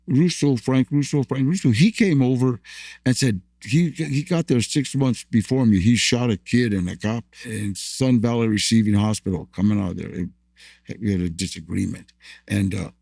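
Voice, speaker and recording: A man's voice: medium pitch, vocal fry, warm tone, dry recording. An older man from the United States, a guest in an interview, tells rambling stories of his past, repeating words and laughing often. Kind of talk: storytelling interview.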